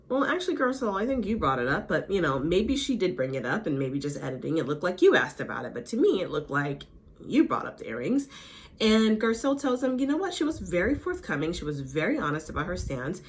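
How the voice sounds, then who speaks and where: A woman's voice: lowish voice, sing-song, fast talker. A woman vlogger recapping a reality show in casual, gossipy chat. Her voice swoops up and down with animation. She reacts freely as she goes. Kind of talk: casual chatty recap with impressions.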